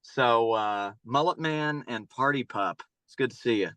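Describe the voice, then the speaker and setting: Answering an interviewer casually, this North Carolina man, a middle-aged youth baseball coach, spins long, meandering stories and repeats himself often. He speaks at a measured pace in a fairly bright mid-range voice, with no echo.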